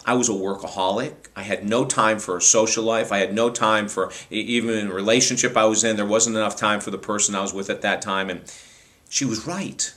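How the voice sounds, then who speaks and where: Bright-voiced storytelling talk show host. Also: male voice, on the low side, fairly quick. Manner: animated, rambling, frequent restarts. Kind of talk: personal storytelling monologue.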